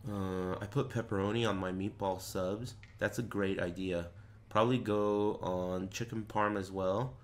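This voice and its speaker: In let's play commentary for a horror game, a gaming streamer mutters directions to himself and swears when spooked. He speaks with a low, steady voice at a measured pace.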